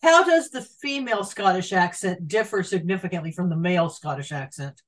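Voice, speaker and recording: Lady cohosting a podcast, super emphatic and animated reactions. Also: on the low side, fairly quick, far from the mic. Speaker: podcast co-host. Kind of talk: casual podcast chat.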